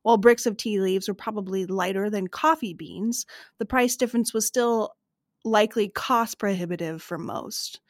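Woman cohost reading history notes, steady mid voice, dry close sound. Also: medium pitch, normal speed, dry recording. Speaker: podcast co-host. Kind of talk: history podcast, reading aloud.

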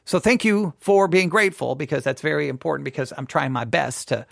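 A man teaching in a sermon style, answering listener questions, earnest and animated, often repeating words and restarting. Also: on the high side, fairly quick, gravelly, no room sound, clean studio sound. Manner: earnest, animated, acts out imagined people.

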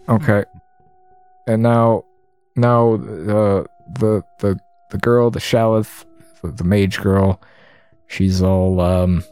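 Guy slowly rambling through a game, halting wry commentary, lots of restarts. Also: fairly low pitch, a little mellow, no echo. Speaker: game streamer.

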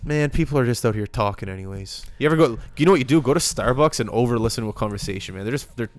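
A man's voice: medium pitch, lively intonation, rapid-fire. Laid-back young man hosting a podcast. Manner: laid-back, loose and slangy. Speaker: podcast host. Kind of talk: casual podcast chat.

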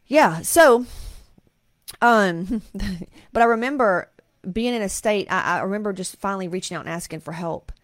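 A woman's voice: medium pitch, moderate pace, dry recording. A woman, hosting a podcast and telling a raw, emotional personal story with plenty of swearing. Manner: emotional, confessional, frequent swearing. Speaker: podcast host.

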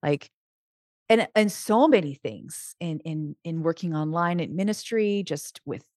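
A middle-aged woman who works as a Christian life coach, speaking in a casual podcast conversation. She is earnest and animated, often restarting her sentences. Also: deep voice, a little slow, no echo, studio quality.

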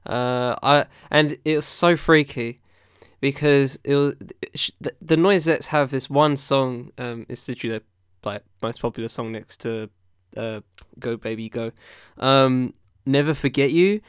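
A man's voice: mid-range voice, measured pace, smooth, no echo, clean studio sound. A man hosting a casual podcast, talking through albums in a loose, rambling way with many fillers and restarts. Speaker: podcast host reviewing albums. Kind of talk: casual chat.

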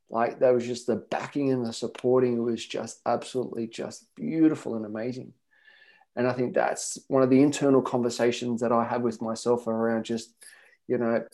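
A middle-aged man telling running stories in a casual podcast chat, acting out the voices of the people in them. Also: medium pitch. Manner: animated storyteller, acts out voices. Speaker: podcast guest runner.

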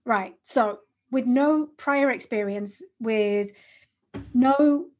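A chatty woman in her forties talks through a business podcast with a slightly high, husky voice. She is animated and often restarts her phrases mid-thought. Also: very slow, muffled recording. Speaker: podcast co-host. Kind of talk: casual business podcast chat.

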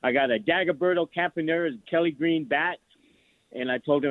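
A man's voice: fairly high pitch, a little fast, no room sound. A man calling in to a sports radio show, telling a long story with many restarts and fillers. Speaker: caller. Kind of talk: casual phone call to a sports radio show. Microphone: phone. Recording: tinny phone line, dry.

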